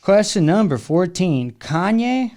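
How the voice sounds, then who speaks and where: A man's voice: high voice, big pitch swings, slow pace, a little mellow. A man hosting a casual podcast interview, laid-back and jokey, full of slang and "bro.". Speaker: podcast host.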